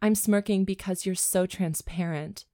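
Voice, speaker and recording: A woman reading the lines of a sharp-tongued adult wife in a novel, with terse, dismissive retorts. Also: medium pitch, steady tone, measured pace, no room sound, clean studio sound, close to an everyday voice. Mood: retorting.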